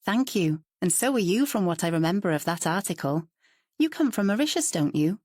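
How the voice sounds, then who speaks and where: A woman's voice: on the low side, expressive, fairly quick, darkish tone, no room sound, studio quality. Woman reading as a chatty, curious woman painter. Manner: chatty and forthright. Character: curious, outspoken woman painter, lively and forthright.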